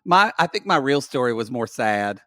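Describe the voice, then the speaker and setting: A man's voice: medium pitch, sing-song, moderate pace, a bit bright. A man co-hosting a reality TV podcast, teasing his co-host and swearing freely in casual chat.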